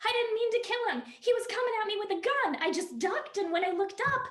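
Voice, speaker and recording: Woman reading as a frantic, high-pitched woman in trouble. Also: expressive, fairly quick, a bit bright. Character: panicked divorced woman who killed her ex. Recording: roomy echo.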